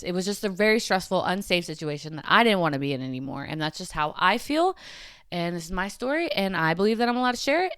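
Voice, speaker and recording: Earnest woman podcaster, smooth clear voice. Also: mid-range voice, fairly bright tone, dry recording, studio quality. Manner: earnest and emotional, with frequent "like" fillers and trailing restarts. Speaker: podcast host. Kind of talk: candid solo podcast monologue to camera. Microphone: camera mic.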